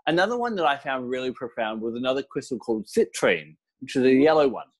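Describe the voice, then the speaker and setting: A middle-aged man giving a casual interview, explaining crystal practices with relaxed storytelling and fillers. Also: medium pitch, fast talker. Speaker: crystal and essential oil teacher, guest.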